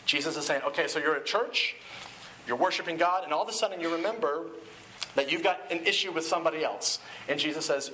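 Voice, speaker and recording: A man preaching with a high, bright, ringing voice. He talks to the congregation in a loose, conversational way and gets animated as he goes. A faint hiss sits under the recording. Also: fast, poor audio. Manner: conversational, animated, acts out quoted shouting. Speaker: pastor. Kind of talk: sermon.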